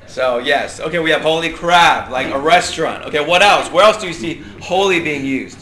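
A man's voice: a little high, normal speed, a little hiss or hum. A man leading an interactive Bible class, asking the group questions and joking as he teaches. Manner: lively, asks the group questions, jokes and laughs. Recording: echoey room, faint ambience.

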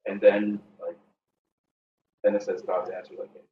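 Hesitant low-voiced man in a study group. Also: monotone, measured pace, slight background noise. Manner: hesitant, many fillers, thinks aloud. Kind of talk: Bible study discussion. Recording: echoey, dull, distant room recording.

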